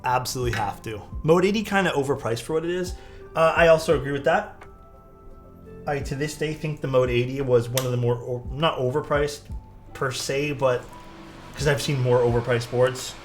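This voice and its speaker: A man's voice: medium pitch, normal speed. A young man on a live stream, chatting casually with his viewers while he works on a keyboard, talking loosely with lots of fillers. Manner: chatty, answers chat while working, loose filler-heavy talk. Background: faint music.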